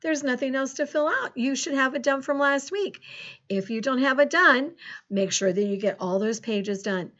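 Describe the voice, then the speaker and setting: A middle-aged woman teacher leading a recorded phonics lesson for young children, upbeat and encouraging, spelling words out slowly letter by letter. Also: high voice, a bit bright, highs cut off.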